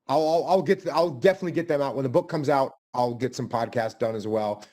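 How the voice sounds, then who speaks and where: A man's voice: mid-range voice, a little fast, warm tone. A man answering audience questions in a blunt way, often repeating phrases for emphasis. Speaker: guest speaker.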